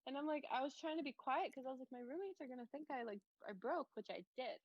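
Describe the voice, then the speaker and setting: A young woman co-hosting a podcast, telling a story in a casual, animated way and acting out what she said back then. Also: high voice, fast talker, dry recording, muffled recording. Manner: animated, acts out her own past lines. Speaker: podcast co-host.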